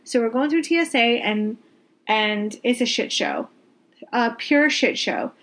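A woman's voice: fairly high pitch, unhurried. A woman telling a story casually, exasperated and venting, swearing freely and repeating words for emphasis. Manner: animated, emphatic repetition. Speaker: vlogger telling a travel story.

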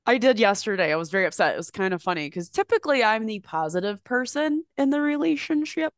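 A woman co-hosting a casual podcast, chatting and storytelling in an animated way, swearing freely and acting out quotes in a higher voice. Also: quick pace, no room sound, clean studio sound. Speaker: podcast co-host.

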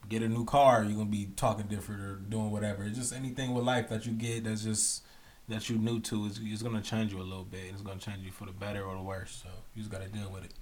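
Male podcast co-host; casual, hesitant delivery, lowish pitch. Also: level tone, fast, a little mellow. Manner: casual, hesitant, lots of filler "like". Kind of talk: casual chat.

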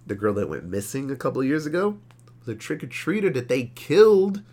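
A man co-hosting a podcast, recapping a horror movie in animated, profane, casual storytelling. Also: mid-range voice, brisk. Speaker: podcast co-host. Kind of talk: casual movie review chat.

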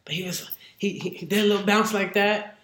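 Guest spot: woman head coach, lively storyteller, acts out the voices of others, roomy echo around her. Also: medium pitch, a little fast, a little hiss or hum. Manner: animated, acts out what others said. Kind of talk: casual interview storytelling.

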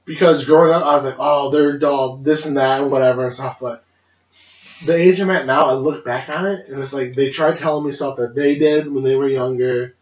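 A man's voice: medium pitch, fairly even intonation, brisk. Young man rambling through a story, roomy lo-fi. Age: young adult. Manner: rambling, laughs often, swears freely. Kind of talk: casual podcast storytelling. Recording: dull lo-fi roomy recording.

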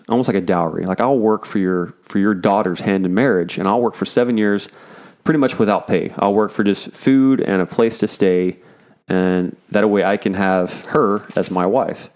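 Casual man, lowish voice, relaxed slangy Bible teacher who jokes as he reads. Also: normal speed. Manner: laid-back, slangy, joking paraphrases.

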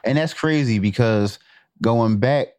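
A man's voice: medium pitch, unhurried, darkish tone, smooth, no echo. A man co-hosting a podcast, reacting casually with short, profane remarks. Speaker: podcast co-host.

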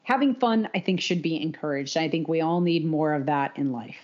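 A woman co-hosts a casual podcast, speaking in a somewhat low voice. She is an animated, opinionated running coach who laughs often. The audio is dull and lo-fi. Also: brisk.

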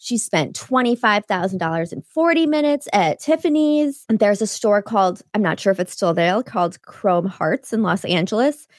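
A woman's voice: medium pitch, lively intonation, normal speed, few pauses, no room sound, clean studio sound. A woman co-hosting a podcast in casual chat, recapping with wry asides. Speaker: podcast co-host.

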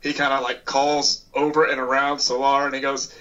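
A man playing a tabletop game, animated and laughing at his own lines. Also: mid-range voice, moderate pace, lo-fi sound. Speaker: player. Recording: distant from the mic.

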